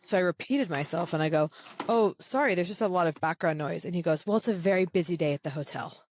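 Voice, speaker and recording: A woman co-hosting a podcast, telling an animated story in casual chat and jumping up in pitch to act out the people she quotes. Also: quick pace, dry recording. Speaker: podcast co-host.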